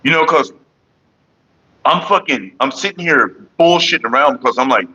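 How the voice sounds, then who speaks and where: Guy rambling and cussing on a morning stream, bright pushy voice, muffled lo-fi audio. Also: mid-range voice, expressive, normal speed, breathy edge. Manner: profane, rambling, talks to viewers and his partner; sings loudly and off-key at times. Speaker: vlogger. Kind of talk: casual morning livestream chat.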